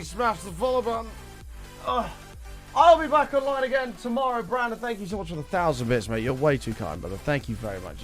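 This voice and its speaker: A young man chatting with his stream audience in an excitable, casual way, his voice worn and strained. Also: a little high. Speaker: livestreamer.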